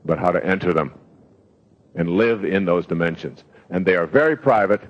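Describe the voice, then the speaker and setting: A man's voice: low-pitched, moderate pace, highs cut off. A man giving a live motivational talk, telling stories in a rambling way with fillers. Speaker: self-help speaker.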